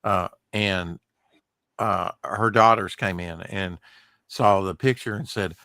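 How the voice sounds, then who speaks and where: A man telling a casual anecdote, hesitant and pausing on many fillers. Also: low voice, steady tone, vocal fry, sharp tone, dry recording.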